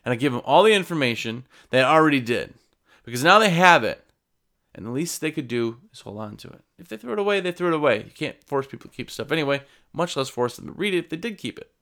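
Quick and lively, this window cleaning business owner talks to camera in a mid-range, somewhat bright voice. His sales tips are casual and conversational, and he plays out his interactions with customers.

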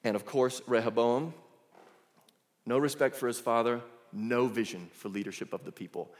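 A man's voice: medium pitch, moderate pace. Man preaching in an echoey church. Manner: animated storytelling with casual asides. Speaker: pastor. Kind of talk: sermon. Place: church sanctuary.

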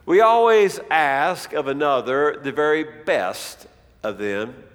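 Man, preacher, sermon storytelling, fairly high voice, long hall reverb. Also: expressive, takes it slowly. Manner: storytelling, acts out quoted speech with rising pitch.

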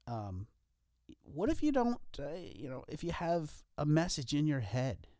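A man's voice: fairly high pitch, huge pitch swings, unhurried, warm tone, no room sound, studio quality. A man co-hosting a podcast, talking earnestly in a casual motivational way with wry self-deprecating jokes. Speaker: podcast co-host.

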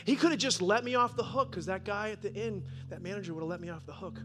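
A man in his fifties, a pastor telling a lively sermon story with excited bursts and laughs. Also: high-pitched, fast talker, hardly any pauses, over music. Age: 50s. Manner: animated, bursts of excited laughter and loud peaks. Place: church.

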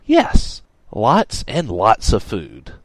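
A man voicing an exasperated, scheming young shop owner who talks in a raised, pushy, excitable way. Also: mid-range voice, normal speed, no room sound.

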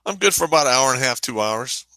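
A man's voice: mid-range voice, expressive, quick pace, gravelly, sharp tone, slight background noise, rough recording. A man joining a casual chat as a guest over a video call, easygoing and offhand.

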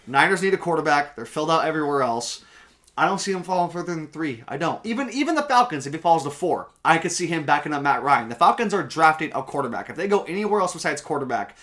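A man's voice: fairly high pitch, animated, fast talker, fairly bright tone. A young man co-hosting a casual sports podcast, emphatic and opinionated, swearing now and then. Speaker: podcast co-host.

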